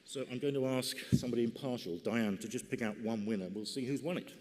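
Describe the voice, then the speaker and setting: Measured man speaking in an echoing hall. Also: mid-range voice, darkish tone, slight background noise. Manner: measured, dry humour, deliberate. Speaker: party lottery organiser giving a conference report. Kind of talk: conference speech. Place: large church hall used for a conference. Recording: long hall reverb.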